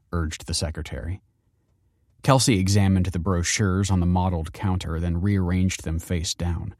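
A man reading a story aloud as narrator in a measured, understated way. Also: low-pitched, fairly even intonation, darkish tone, no echo, clean studio sound.

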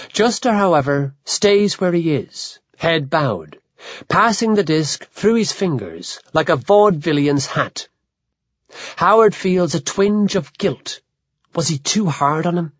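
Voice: medium pitch, slightly rough, no room sound. Audiobook narrator, lots of lift and fall in the voice, dry dull-ish sound. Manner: measured, expressive storytelling.

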